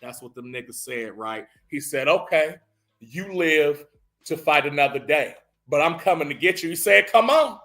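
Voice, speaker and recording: A man telling a profane, animated comedic recap of a film, acting out the characters' lines as he goes. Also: a little high, normal speed.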